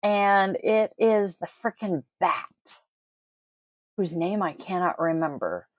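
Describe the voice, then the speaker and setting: Slow-talking blunt woman reading tarot. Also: on the low side, animated, no room sound, dull audio. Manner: blunt, swears freely, rambling asides. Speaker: tarot reader and host. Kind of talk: casual solo card-reading video. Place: home, family audible off-mic.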